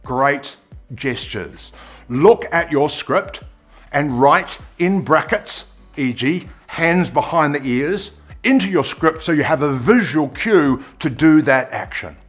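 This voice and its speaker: A man giving an on-camera presenting lesson, expressive and demonstrating pitch and pace as he explains. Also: slow, soft background music. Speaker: presenter coach.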